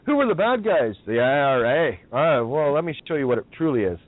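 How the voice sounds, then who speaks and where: A man's voice: a little high, big pitch swings, brisk. A man from Ireland, hosting a radio show in a profane, combative rant. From Northern Ireland. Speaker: radio host. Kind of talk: ranting talk radio. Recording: tinny phone-line audio, dry.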